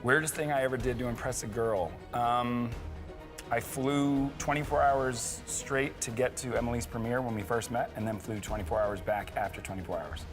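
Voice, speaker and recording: A man's voice: mid-range voice, fairly even intonation, moderate pace. Joking man from Boston, talking over music. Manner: joking, self-deprecating, often laughing. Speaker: interview guest. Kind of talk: casual chat.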